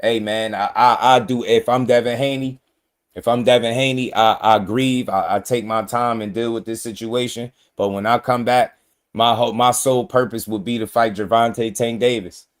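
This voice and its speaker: A man's voice: medium pitch, steady tone, moderate pace, clean tone. Emphatic man ranting about boxing. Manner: emphatic, repetitive, addresses fighters directly. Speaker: boxing commentary host. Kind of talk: casual opinion commentary.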